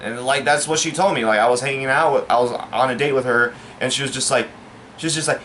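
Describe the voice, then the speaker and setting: A man rambles through a personal story in a casual, halting delivery, stumbling over fillers and restarting his sentences. He sounds baffled and aggrieved, and his voice sits at a middling pitch. A faint noise runs behind him. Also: fairly bright tone. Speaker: storyteller vlogger.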